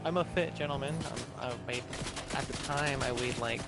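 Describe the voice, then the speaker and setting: A man in casual chat, laid-back and supportive, telling a quick story of his own. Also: medium pitch, fairly even intonation. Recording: music playing behind the voice.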